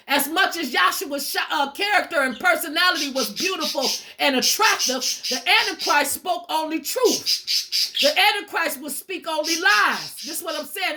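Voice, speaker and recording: A woman's voice: high voice, sharp tone. A woman giving an informal sermon-style talk, emphatic and repetitive, casually swearing and calling her listeners "y'all". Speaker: spiritual teacher.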